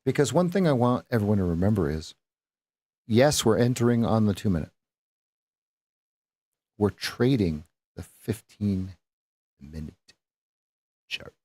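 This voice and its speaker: A man's voice: fairly low pitch, lively intonation, a little slow, pauses often, warm tone, breathy edge, no room sound. A man coaching viewers through live trades on a stream, talking in a rambling, self-correcting way and throwing in playful sound effects. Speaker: trading coach. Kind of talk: live-stream market commentary.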